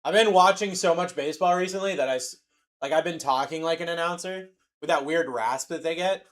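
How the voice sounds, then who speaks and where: A man's voice: a little high, fairly quick, a bit bright. A young man hosting a card-break livestream, bantering loosely and joking while he calls out cards. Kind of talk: casual live-stream chat.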